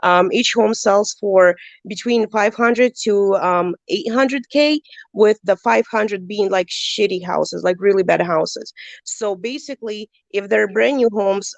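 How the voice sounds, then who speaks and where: A woman's voice: medium pitch, gravelly, dry recording, dull audio. A woman calling in with her first real estate deal, nervous and hesitant, filling her speech with ums and small laughs. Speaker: caller, new wholesaler. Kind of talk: call-in question to a coach.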